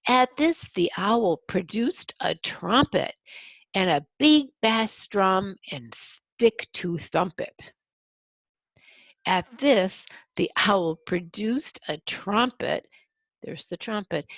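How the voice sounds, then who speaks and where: An older woman, a grandmother, reading a picture book aloud to a child, gently explaining and counting along. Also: fairly low pitch, creaky, no room sound.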